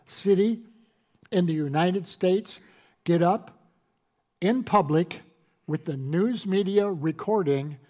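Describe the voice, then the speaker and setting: A male pastor preaching a sermon to a congregation, quoting scripture in a raised, animated voice. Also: a little high. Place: church hall with congregation.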